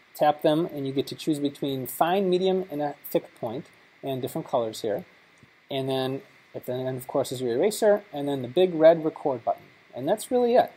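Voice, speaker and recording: A man's voice: a little high, a little mellow, husky, rough recording. A man giving a live workshop at a conference, demonstrating an app step by step in a chatty way. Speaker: workshop presenter. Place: conference session room. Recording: live conference talk recording.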